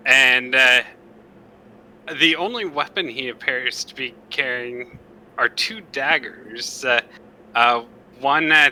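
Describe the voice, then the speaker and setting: A man playing a tabletop game, describing his character in a dry, deliberate way. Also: medium pitch, pushed and bright, a little hiss or hum, rough recording. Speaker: player.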